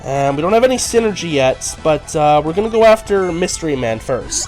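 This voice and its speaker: A man's voice: a little high, very animated, fairly quick, few pauses, darkish tone, soft background music. A man chatting casually and enthusiastically while streaming a video game.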